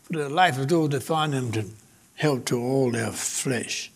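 A man's voice: medium pitch, measured pace, husky. A male pastor, preaching a sermon that swells in emphasis, with repetition and calls out to the congregation.

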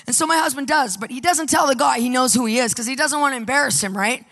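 A woman telling a personal story in an animated sermon style, acting out the people she quotes with raised, shouted lines. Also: high voice, fast. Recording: long hall reverb.

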